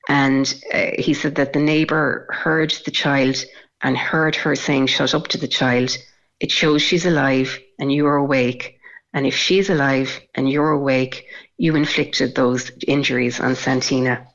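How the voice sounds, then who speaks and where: A woman's voice: a bass voice, steady tone, unhurried, highs cut off. A woman court reporter giving a live radio report, recounting steadily with frequent ums.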